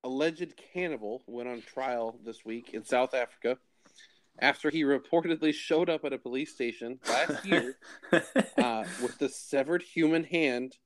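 A man's voice: mid-range voice, moderate pace, no room sound. Easygoing man reading weird news. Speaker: podcast host reading news stories. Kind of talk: casual chat.

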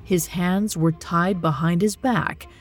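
A woman hosting a podcast, telling a grim history in measured, scripted narration. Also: on the low side, steady tone, faint music behind. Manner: measured, grave storytelling. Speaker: podcast host.

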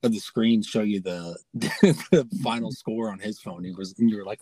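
Husky low-voiced man, animated. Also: moderate pace, no room sound. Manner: animated, excited retelling. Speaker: podcast co-host. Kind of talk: casual sports podcast chat.

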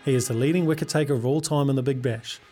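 A man's voice: mid-range voice, quick pace, dark tone, soft background music. A man hosting a radio sports quiz, chummy and upbeat, calling callers mate. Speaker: radio sports show host.

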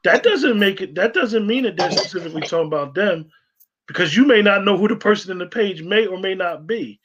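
Emphatic man, high voice, dull lo-fi sound, preachy co-host. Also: animated, brisk, fairly bright tone, slightly rough. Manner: emphatic, preachy, repeats for stress. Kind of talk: casual online discussion.

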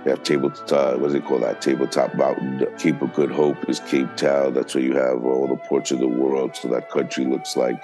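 A man's voice: extremely low pitch, little pitch movement, fairly quick, hardly any pauses, music in the background. A man co-hosting a podcast, rambling loosely in casual chat with profanity. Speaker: podcast co-host.

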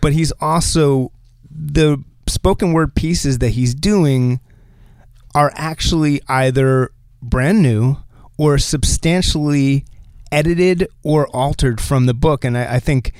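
A man from New Jersey co-hosting a casual discussion, talkative and animated, laughing often. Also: on the high side, slow, dry recording. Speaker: podcast co-host.

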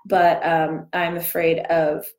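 A woman's voice: on the low side, little pitch movement, slow, a little mellow, reverberant. A young woman hosting a casual morning live stream, chatting through a cold sore with her lips barely opening. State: cold sore, speaking with a small mouth.

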